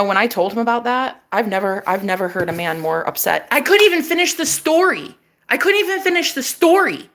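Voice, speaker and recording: A young woman talks straight to camera with a bright, sharp edge to her voice. She is sassy and dramatic, swears freely and swings between gossip and bold declarations. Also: mid-range voice. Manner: sassy, profane, dramatic storytelling. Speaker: vlogger. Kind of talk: casual chat to camera.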